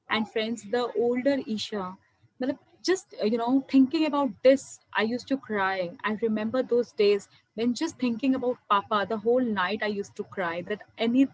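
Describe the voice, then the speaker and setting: A woman's voice: medium pitch, low-quality recording. A young woman giving an earnest spiritual talk on meditation, often calling her listeners "my dear friends". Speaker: meditation speaker. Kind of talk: spiritual talk to an online audience.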